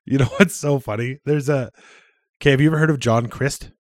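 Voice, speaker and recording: A man's voice: mid-range voice, fairly quick, no room sound, clean studio sound. Chatty man who swears casually. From Canada. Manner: chatty, swears freely, laughs often. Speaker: podcast co-host. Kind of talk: casual chat.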